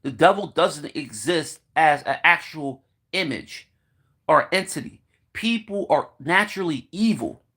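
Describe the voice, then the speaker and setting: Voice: mid-range voice, lively intonation, a little slow, fairly bright tone, husky. A vlogger delivering a heated, profane monologue, swearing constantly and acting out what people said.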